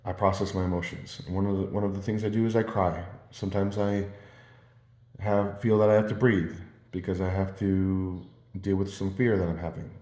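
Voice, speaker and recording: A man rambling through personal stories in a casual monologue, halting and repeating words as he restarts his sentences. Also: low voice, level tone, warm tone. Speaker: vlogger. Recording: roomy echo.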